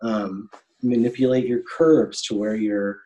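A man's voice: lowish voice, steady tone, a little slow, mellow, low-quality recording. A man in his thirties, a guest on an interview podcast, telling stories casually with lots of ums and restarts. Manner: rambling, many ums and restarts. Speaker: animator guest.

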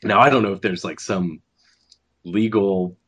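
Husky-voiced man telling a lively story. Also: lowish voice, measured pace. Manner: animated, acts out quoted voices, restarts often. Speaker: animator guest. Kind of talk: casual storytelling.

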